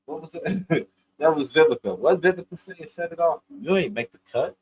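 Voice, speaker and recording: A man's voice: fairly high pitch, expressive, moderate pace, a little mellow, rough recording. A man casually recapping a reality show, slangy and profane, laughing often as he talks. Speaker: reality TV reviewer.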